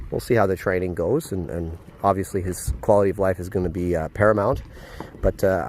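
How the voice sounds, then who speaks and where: A man vlogging casually outdoors at a horse paddock, excited and chatty, with lots of fillers, filmed on a handheld phone. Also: on the low side, slight background noise. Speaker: vlogger, dog trainer. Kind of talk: casual vlog to camera.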